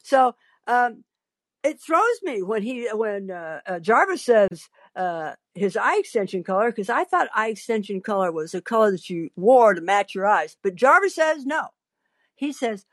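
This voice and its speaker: A woman's voice: mid-range voice, sing-song, a little slow, dry recording. A woman hosting a podcast, telling a story in a wry, theatrical way and acting out the lines of the people in it. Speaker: podcast host. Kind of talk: storytelling monologue.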